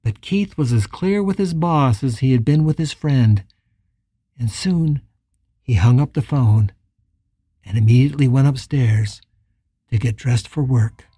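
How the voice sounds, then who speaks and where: An audiobook narrator giving a calm, measured reading of a novel. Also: mid-range voice, breathy edge, no echo, studio quality. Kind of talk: scripted narration.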